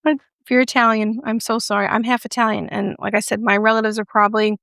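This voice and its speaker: A woman's voice: a little high, little pitch movement, quick pace, creaky, few pauses, fairly bright tone, no room sound, studio quality. A woman giving a casual makeup review with a playful, chatty manner and joking asides. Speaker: beauty vlogger.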